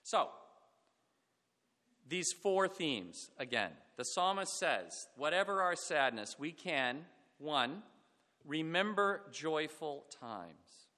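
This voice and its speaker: A middle-aged man preaching a reflective sermon, falling to a hush on sad points. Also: fairly high pitch, very animated, slow pace. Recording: long hall reverb.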